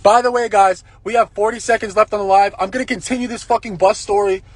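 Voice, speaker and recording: A man telling a long story on a phone livestream, in a profane, rambling and excitable way. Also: high-pitched, fast, no echo. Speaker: live-streamer. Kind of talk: casual live-stream storytelling.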